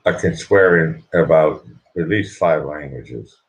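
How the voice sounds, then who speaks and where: Sleepy very deep-voiced man, hushed. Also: measured pace, low-quality recording. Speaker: livestream host. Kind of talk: quiet late-night livestream chat.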